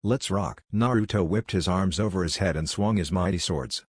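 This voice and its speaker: A man reads fan fiction aloud in an even, steady way. His voice is low and the recording is dry and close. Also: moderate pace, husky, no room sound. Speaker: story narrator.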